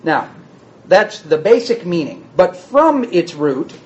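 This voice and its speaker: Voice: mid-range voice, sing-song, slow, a little mellow, lo-fi sound. A Bible teacher giving a word-study lesson, reading verses aloud and then restating them in plain words.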